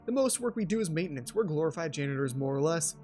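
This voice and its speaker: A man's voice: fairly high pitch, expressive, quick pace, a little mellow, faint music behind, close to an everyday voice. A man playing a verbose station manager who never uses one word where five will do. The accent wanders between regions as he talks. A light game soundtrack plays underneath. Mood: formal. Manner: wordy, overly formal, wandering put-on accent.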